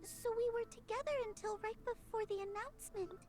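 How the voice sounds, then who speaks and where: Shy, meek nurse girl with a very high voice. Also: a little fast, a little mellow. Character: timid clumsy teenage girl nurse. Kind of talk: dubbed video game dialogue. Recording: game audio with background music.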